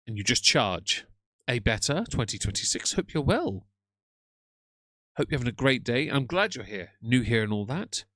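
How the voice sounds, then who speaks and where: A man's voice: mid-range voice, sing-song, moderate pace, fairly bright tone, dry recording. Dry-sounding male streamer, chatty and wry. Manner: chatty, greets viewers, wry teasing. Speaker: livestream host reacting to a video. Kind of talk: casual live-stream chat.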